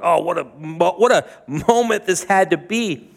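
A man's voice: high-pitched, animated, a little slow, gravelly, in a large hall. A man preaching a sermon, retelling scripture in a conversational, joking way with asides to the congregation. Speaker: pastor.

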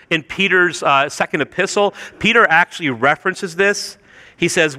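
A man preaching a sermon, telling the story with playful, animated asides. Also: on the high side, long reverb tail. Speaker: pastor.

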